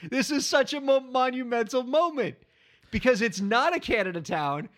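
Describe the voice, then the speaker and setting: A man co-hosting a comedic podcast, playing a quiz game in casual, joking, excitable chat. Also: very high-pitched, normal speed. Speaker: podcast co-host, quiz player.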